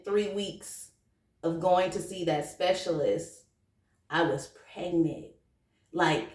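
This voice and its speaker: A woman in her thirties telling a personal story to camera in a chatty, animated, slangy way that turns emotional. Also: on the low side, distant mic. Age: 30s. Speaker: vlogger. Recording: roomy echo, from off the mic.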